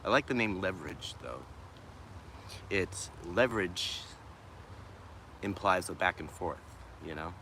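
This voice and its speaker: Expressive and sharp despite its low pitch, this man's voice comes with a little hiss or hum. He speaks with a faint Boston accent on a casual outdoor livestream in a wooded city park's shade, answering comments in an unhurried, musing way full of trailing restarts.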